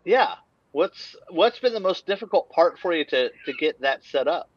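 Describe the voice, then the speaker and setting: Brief: a peppy host reading sponsor ads in a dry close sound with a muffled edge. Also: male voice, a little high, expressive, moderate pace, breathy edge, no echo. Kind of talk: sponsor plug and interview questions.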